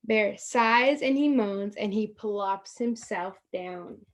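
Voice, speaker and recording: A woman reading a picture book aloud to children over a video call, acting out the lines and adding asides about the pictures. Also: mid-range voice. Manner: slow, expressive read-aloud with pointing asides. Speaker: storytime reader.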